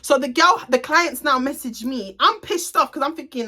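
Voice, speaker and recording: A young adult woman who owns a salon tells her viewers a storytime, speaking directly to them in a blunt, gossipy way and swearing freely. Her high-pitched voice is pushed and bright, with lively intonation, a moderate pace, and hardly any pauses. It's a casual storytime vlog.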